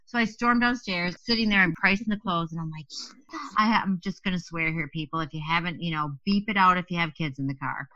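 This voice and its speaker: Bright-voiced woman podcast host, swearing. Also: fairly low pitch, fast, dry recording, lo-fi sound. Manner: animated, swears freely, acts out her own past lines. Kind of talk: storytelling podcast chat.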